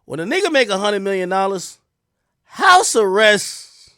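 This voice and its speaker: A man hosting a live stream, telling a story in a profane, excitable way that swings from loud outbursts to low mutters. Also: fast, smooth, no echo, studio quality. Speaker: streamer host.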